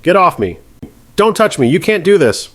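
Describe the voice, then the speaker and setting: A man's voice: lowish voice, steady tone, normal speed, no echo, natural voice. Man putting on Alyssa, screaming entitled heiress. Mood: furious screaming. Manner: screaming, defiant outbursts. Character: spoiled rich young woman, entitled and hysterical.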